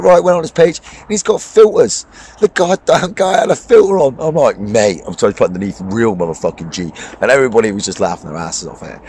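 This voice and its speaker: Man, vlogger and coach, quick-fire sweary rant by a lake, faint ambience. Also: mid-range voice, a little mellow, a little hiss or hum. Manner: blunt, swearing, heated with laughs. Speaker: fishing vlogger and boxing coach. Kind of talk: ranting vlog monologue. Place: outdoors by a lake.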